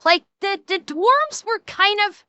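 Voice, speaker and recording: High, bright, profane woman streamer. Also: animated, slow, no room sound. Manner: profane, ranting, exasperated. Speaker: streamer reacting to a video. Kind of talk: live reaction stream.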